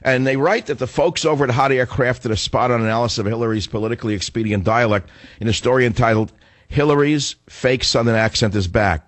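A man's voice: medium pitch, a little fast, dry recording. A male radio host who is getting over the flu and has a cough, delivering a combative, sarcastic talk radio monologue. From northern United States. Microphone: studio microphone.

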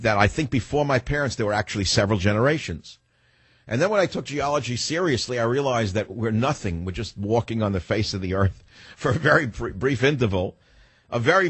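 Ranting combatively on his talk radio show, this sixties-aged American man drifts into reflection at times. His voice is lowish with a breathy edge, captured in a dry recording.

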